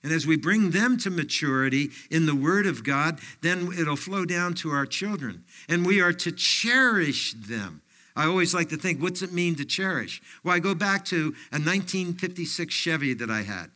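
A man's voice: fairly high pitch, lively intonation, moderate pace, pushed and bright. An older man giving a folksy sermon, often dropping in fillers and personal stories. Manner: folksy, anecdotal preaching with frequent fillers. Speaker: pastor.

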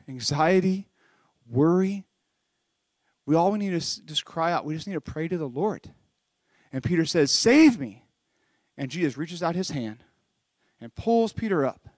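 A man's voice: fairly high pitch, darkish tone, no room sound. Earnest man teaching a children's Bible lesson. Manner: earnest, conversational storytelling with restarts. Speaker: children's church pastor. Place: home recording during lockdown.

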